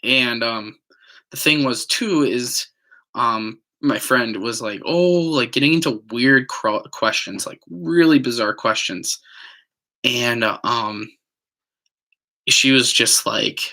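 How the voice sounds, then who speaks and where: A man's voice: mid-range voice, slow, sharp tone. A man telling a personal story in casual, rambling talk, full of fillers, now and then acting out what others said. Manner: rambling, many fillers, acts out quotes. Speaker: vlogger.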